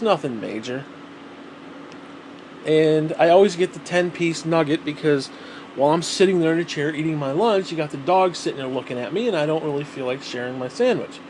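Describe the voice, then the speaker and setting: A man's voice: on the high side, background noise. A man talking casually to the camera at home, rambling and swearing freely. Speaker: vlogger.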